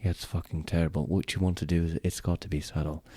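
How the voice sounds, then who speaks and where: Deep-voiced man on a podcast. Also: little pitch movement, fast, darkish tone, husky, no echo. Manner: laid-back, swearing, repeats words as he restarts. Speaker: podcast co-host. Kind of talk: casual chat.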